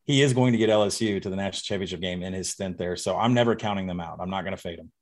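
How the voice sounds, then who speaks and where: A man's voice: deep voice, very fast. A man from Arkansas, a betting guest on a podcast, giving confident, emphatic predictions in casual chat. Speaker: college football betting guest.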